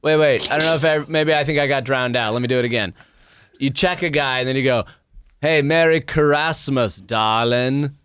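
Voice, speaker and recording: A man, a comedian guest, pitching jokes in a deadpan, quick-witted way. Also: clean tone, no room sound, studio quality. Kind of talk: comedic banter.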